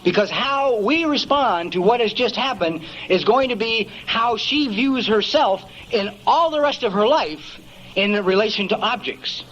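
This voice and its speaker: A man's voice: sits high, expressive, a little slow, a bit bright, highs cut off, slight background noise. A man giving a folksy, emphatic storytelling talk at a recovery meeting, peppering it with "man" and "you know".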